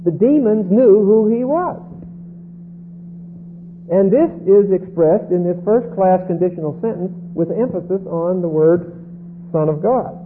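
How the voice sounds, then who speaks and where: A man teaches scripture slowly and deliberately, often pausing to check in with his listeners. His voice sits fairly high. It comes through a tinny, phone-like line with a faint hum. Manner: deliberate, repeats "okay?" checks. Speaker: Bible teacher.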